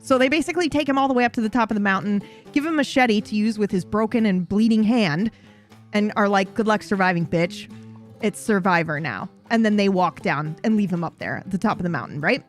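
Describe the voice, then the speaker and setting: A woman's voice: mid-range voice, fast, faint music behind. A woman casually recapping a roleplay story, rambling, swearing and correcting herself as she goes. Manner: rambling, profane, self-correcting.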